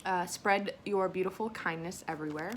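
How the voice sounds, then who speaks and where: On the low side with fairly even intonation, a woman's voice moves at a moderate pace over slight background noise. She reads affirmation cards while vlogging an unboxing at home, a bit teary from crying, emotional, self-conscious, and now and then soft and tearful.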